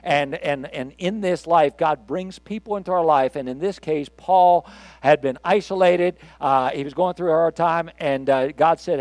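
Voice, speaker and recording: An older man preaching a recorded sermon in a fairly high voice. He talks conversationally, pushing some lines out loud and dropping others to quiet asides. The sound is dry and close, with no room echo. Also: normal speed. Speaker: pastor.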